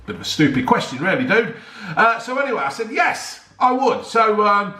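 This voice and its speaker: A man's voice: high-pitched, sing-song, fairly quick, bright, forceful tone. A man chatting casually to his viewers, rambling and stumbling over hard words while he reviews a beer. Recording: roomy echo.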